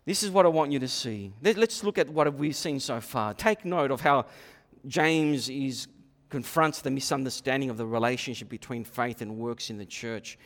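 A man preaching a sermon, animated, repeating himself and acting out quoted voices. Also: medium pitch, normal speed. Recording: long hall reverb.

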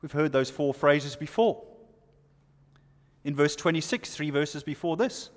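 A man preaching a sermon, explaining scripture verse by verse and asking the listeners rhetorical questions. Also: on the high side. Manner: expository, rhetorical questions, pauses. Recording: long reverb of a hall.

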